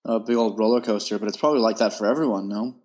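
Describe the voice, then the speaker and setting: A man's voice: fairly low pitch, very fast, darkish tone, long reverb tail. A man, a podcast guest talking casually in a laid-back, rambling way. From United States. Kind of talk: casual interview chat.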